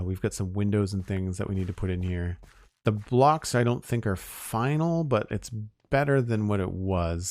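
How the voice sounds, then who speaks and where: A low-voiced man thinks out loud as he builds on a live stream, casual and self-amused. His voice has a gravelly edge, and the sound is close and dry with no room around it. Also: dry recording. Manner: musing aloud, chuckling at himself.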